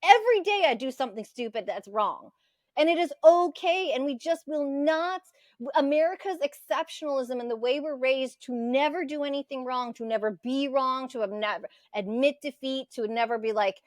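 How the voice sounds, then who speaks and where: A woman's voice: sits high, moderate pace, dry recording, studio quality. Heated, profane woman ranting. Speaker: podcast co-host. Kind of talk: casual political chat.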